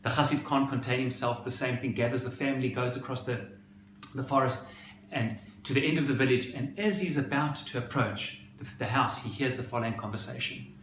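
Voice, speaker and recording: A male rabbi gives a sermon at a brisk pace, telling its story expressively and dramatically in an ordinary-pitched voice. The recording carries a roomy echo and faint hiss.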